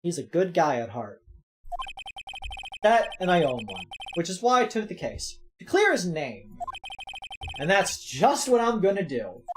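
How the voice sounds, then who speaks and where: A woman's voice: lowish voice, big pitch swings, unhurried, long pauses, slight background noise. A woman reading the lines of a nervous young male defense lawyer in a video game, mixing in joking asides. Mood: narrating. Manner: reading narration aloud, jokey asides.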